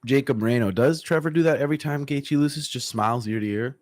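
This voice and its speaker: A man who works as a fight coach, chatting casually on a livestream and answering viewer comments in a relaxed, profane way, often clearing his throat. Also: mid-range voice, fast talker, no echo. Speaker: MMA coach. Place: room at home.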